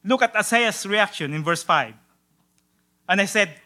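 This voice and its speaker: In this sermon, the male preacher's voice is high, bright, and ringing. His solemn passages drop almost to a whisper, while his exclamations burst out loud and elongated, and he quotes in a drawn-out, emphatic way. Now and then he trips over words and repeats them.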